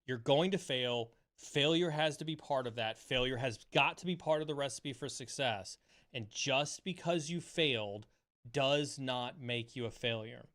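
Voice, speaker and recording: A man's voice: medium pitch, moderate pace, fairly bright tone. A man hosting a livestream chat, giving an impassioned, repetitive motivational talk with casual swearing, then answering viewer questions. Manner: impassioned, swears freely, repeats phrases for emphasis. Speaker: streamer host. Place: home streaming setup.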